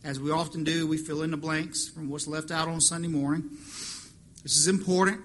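A man's voice: fairly high pitch, level tone, a little fast, fairly bright tone. A man preaching a sermon as pastor, impassioned and rising to emphatic peaks. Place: church fellowship hall.

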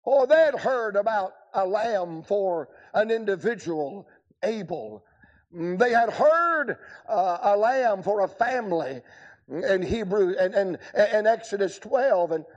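Emphatic high-voiced revival preacher. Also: male voice, muffled recording. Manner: emphatic, swings from quick asides to drawn-out shouted lines. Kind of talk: revival sermon.

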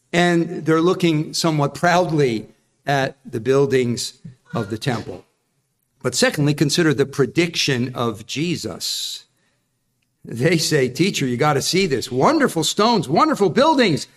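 Lively man preaching a sermon. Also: a little high. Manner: animated, acts out quoted voices, asks the congregation questions. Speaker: pastor.

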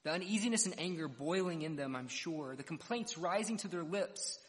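A man's voice: fairly high pitch, expressive, normal speed. A man preaching an expository sermon verse by verse and retelling a parable dramatically. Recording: long reverb of a large hall.

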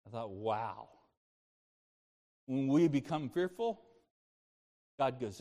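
An older man preaching a sermon as pastor, moving between impassioned preaching and soft, personal storytelling. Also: mid-range voice, expressive, slow, pauses often, in a large hall.

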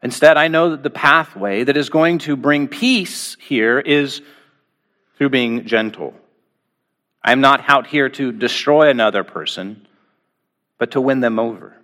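A man preaching a sermon to his congregation, asking rhetorical questions and slowing down with deliberate pauses on key phrases. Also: medium pitch, fairly bright tone. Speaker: pastor.

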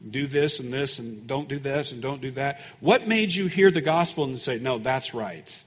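A man preaching a sermon as pastor, folksy and conversational, growing louder and more emphatic when he reads scripture. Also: mid-range voice, moderate pace, big-room sound. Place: church sanctuary.

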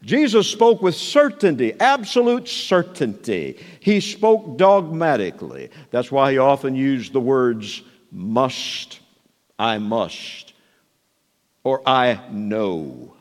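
A man preaching a sermon, moving between soft asides and raised, emphatic declarations. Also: medium pitch, very animated, takes it slowly. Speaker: pastor. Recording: long hall reverb.

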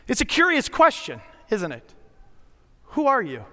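A middle-aged man preaching a sermon as a pastor, telling stories in a conversational way with dramatic pauses. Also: high-pitched, huge pitch swings, pushed and bright. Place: church sanctuary. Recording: long hall reverb.

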